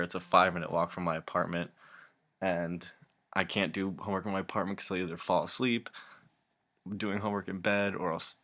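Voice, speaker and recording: A man's voice: deep voice, gravelly, pushed and bright. A young man ranting casually to camera, rambling and exasperated, swearing a lot and often breaking into laughter. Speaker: vlogger.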